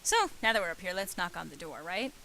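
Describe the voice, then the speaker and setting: A woman's voice: lowish voice, sing-song, quick pace, very noisy. A woman hosting a let's play, reading game text aloud and commenting casually. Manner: reads game text aloud, hesitant fillers.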